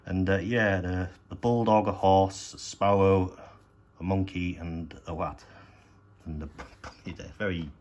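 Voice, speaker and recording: A man with a very deep voice talks through his collection in a loose, halting way, often restarting and swearing in passing. Faint background hiss sits under his voice. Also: fairly even intonation, a little mellow. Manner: rambling, hesitant, swears casually. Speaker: collector showing his DVDs. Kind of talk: casual unscripted show-and-tell.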